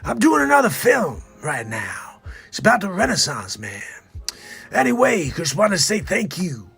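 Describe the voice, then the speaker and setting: A man doing an impression of an older male film star, loud and bombastic, shouting his thanks. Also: high-pitched, wildly swooping pitch, moderate pace, gravelly, slightly rough, faint music behind, voice pushed up, exaggerated voice.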